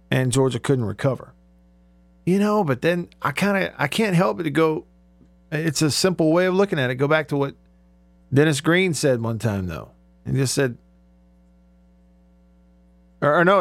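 A man's voice: on the high side, no echo. A male radio host in casual talk, reading out listener texts, chatting and laughing often.

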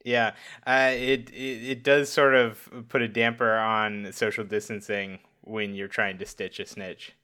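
Bright-voiced rambling male co-host. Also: on the low side, little pitch movement, a little slow, few pauses, smooth. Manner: rambling, hesitant, with many fillers and chuckles. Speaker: podcast co-host. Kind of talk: casual podcast chat.

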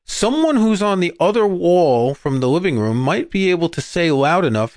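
A man from England co-hosting a podcast, chatting casually with quick jokes and asides. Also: high voice, very animated, darkish tone, no room sound, clean studio sound. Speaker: podcast co-host.

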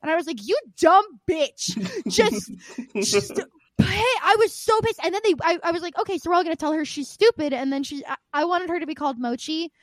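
A woman with a high voice chats casually about games on a podcast. She tells her stories with lively energy and swears freely. The recording sounds dry and close. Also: quick pace, no room sound. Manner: animated, profane storytelling. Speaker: podcast co-host. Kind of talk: casual video game chat.

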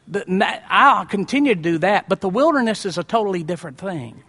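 A man's voice: high-pitched, sing-song, fairly quick, hardly any pauses, bright, forceful tone, slightly rough. A male pastor preaching a sermon, repeating lines and asking the congregation questions, with a folksy, dramatic emphasis. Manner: preaching with rhetorical questions and repetition.

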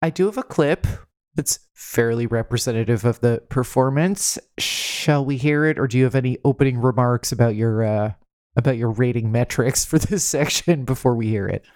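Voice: medium pitch, normal speed, a little mellow, no room sound. Wry podcast co-host, dry sound. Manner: wry, laughing, leading the segment. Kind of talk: casual chat.

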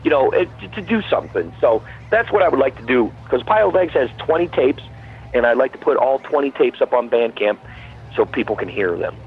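A husky man on a tinny phone line, talking at a middle pitch. He rambles along casually, circling back and repeating himself as a call-in guest musician. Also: animated, fairly quick, soft background music.

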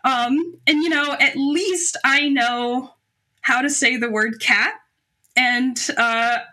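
A young woman telling a funny personal anecdote as a podcast guest, animated and self-deprecating, laughing often. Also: sits high, slow pace. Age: young adult. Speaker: guest storyteller.

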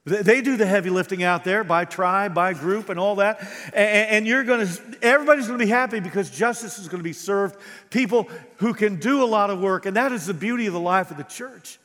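A man's voice: high-pitched, brisk, a bit bright, in a large hall. A man preaching a sermon as pastor, acting out quoted voices with animation.

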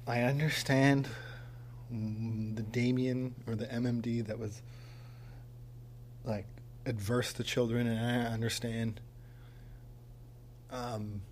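A man's voice: medium pitch, darkish tone, slight background noise. A man hosting a casual solo podcast from a home studio, rambling with lots of ums and dry self-mocking humor. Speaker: podcast host. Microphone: mic on a tripod.

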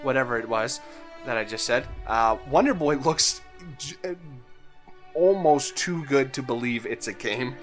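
A man's voice: medium pitch, a little slow, soft background music. A man chatting hesitantly on a gaming podcast, with many fillers and restarts. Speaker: podcast co-host. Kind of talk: casual chat.

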